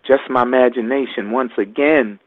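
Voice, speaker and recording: An older man, a guest, telling a personal story in a halting, reflective way. He often repeats his words. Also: medium pitch, no room sound. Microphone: phone line. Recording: tinny phone line.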